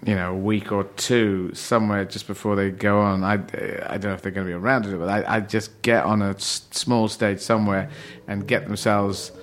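A man's voice: lowish voice, flat delivery, a little fast, few pauses. Rambling, laughing English comedian man. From England. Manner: rambling, laughing, restarts often. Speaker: comedian guest. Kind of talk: casual podcast chat.

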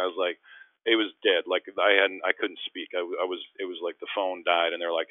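A low-voiced man who talks fast and tells animated stories, putting on voices for the people he quotes. His voice sounds dry and narrow, as if it came over a phone line. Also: no room sound. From Canada. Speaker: interview guest, former basketball player. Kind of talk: casual storytelling.

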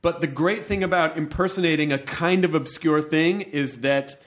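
A man, himself a voice actor, interviewing a guest and sharing a relaxed anecdote. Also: fairly high pitch, moderate pace. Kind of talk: interview, casual chat.

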